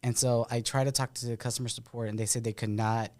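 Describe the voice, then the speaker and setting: Man, podcast co-host; chatty, playful, animated storyteller, mid-pitched. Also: fast. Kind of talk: casual podcast chat.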